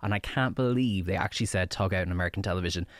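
A man's voice: low voice, rapid-fire, dry recording, clean studio sound. An Irish man doing a chatty, catty and mocking podcast recap segment. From Ireland. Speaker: guest segment contributor.

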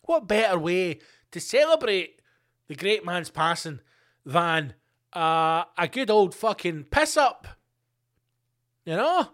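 Slow, rambling man ranting. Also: high-pitched, very animated, a bit bright. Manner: rambling and profane, with frequent fillers and asides. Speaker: podcast host. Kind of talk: casual solo podcast rant.

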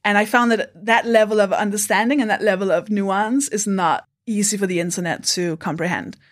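A woman's voice: mid-range voice, a little fast. A woman from Denmark, a comedian guest on a podcast, talking frankly and reflectively and swearing casually. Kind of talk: candid podcast conversation.

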